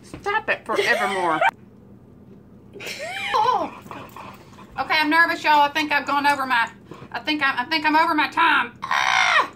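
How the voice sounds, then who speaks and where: A woman's voice: high-pitched, moderate pace, pauses often, background noise. A woman hosting a home cooking video, chatting and teasing her viewers as she cooks in her kitchen. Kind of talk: casual cooking chat.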